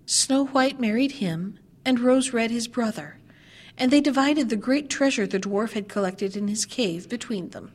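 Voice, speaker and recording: A woman reading a fairy tale aloud in a measured, expressive way. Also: fairly high pitch. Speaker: storyteller.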